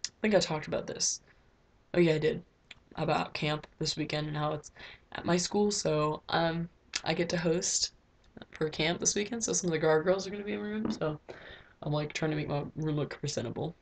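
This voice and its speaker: A woman's voice: sits low, moderate pace. A teenage girl recording a casual video diary in her bedroom, rambling with lots of filler words. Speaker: vlogger.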